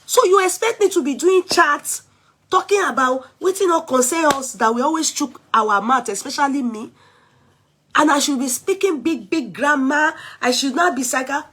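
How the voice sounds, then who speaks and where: Animated Nigerian woman ranting, a bit high. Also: normal speed. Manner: animated, code-switching between English, Yoruba and pidgin. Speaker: vlogger. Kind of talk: casual chatty rant.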